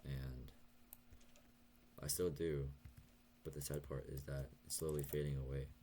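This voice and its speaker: A young man talking softly and hesitantly in a late-night confessional vlog, stuttering and pausing as he goes. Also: rumbling low, flat delivery, slight background noise. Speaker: vlogger.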